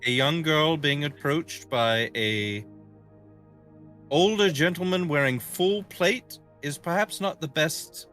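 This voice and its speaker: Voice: medium pitch, slow pace, fairly bright tone, faint music behind. A player in a tabletop game, speaking formally and courteously.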